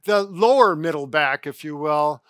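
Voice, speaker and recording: Chatty middle-aged male co-host explaining stretches, bright forceful tone, a bit high, dry close sound. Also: animated, measured pace, dry recording. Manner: chatty, self-correcting, demonstrates exercises. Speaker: physical therapist co-host. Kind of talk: casual instructional chat.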